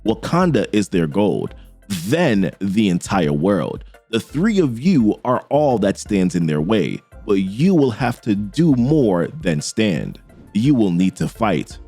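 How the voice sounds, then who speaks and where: A man voicing a calm, patient, commanding female deity from a comic, in slow, measured, somewhat lowered lines. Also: slightly rough, soft background music, heavily acted. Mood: solemn.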